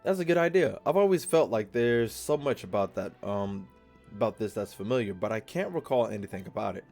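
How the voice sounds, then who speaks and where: A man's voice: fairly low pitch, lively intonation, brisk, vocal fry, a little mellow, faint music behind. Joking male gamer reading game dialogue. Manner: casual, jokey, stumbles over words and swears. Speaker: gaming video host. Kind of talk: reading game dialogue aloud while playing.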